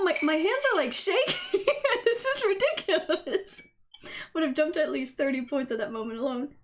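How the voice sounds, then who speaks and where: A woman with a high, light voice commentates her own gameplay on a live stream. She talks casually and excitably, swearing freely as she reacts and explains what is happening. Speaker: game streamer.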